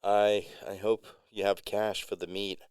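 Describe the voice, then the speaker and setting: A man's voice: fairly low pitch, level tone, a little slow, darkish tone, clear, resonant tone, no room sound, clean studio sound, natural voice. A man voicing a shy, nervous young farmer who stammers. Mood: awkward. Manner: hesitant, stammering.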